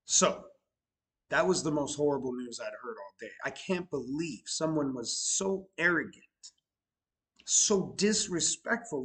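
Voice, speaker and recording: A middle-aged man casually telling stories about his new bar, animated, swearing now and then, swinging from loud bursts to low mutters. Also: unhurried, slightly rough, low-quality recording. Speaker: bar owner vlogger. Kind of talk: casual storytelling vlog.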